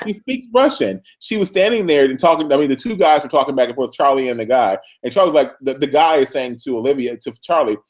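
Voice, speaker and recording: A man co-hosting a casual TV recap chat, animated and acting out characters. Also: quick pace, hardly any pauses. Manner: animated, acts out characters with big pitch jumps. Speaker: podcast co-host.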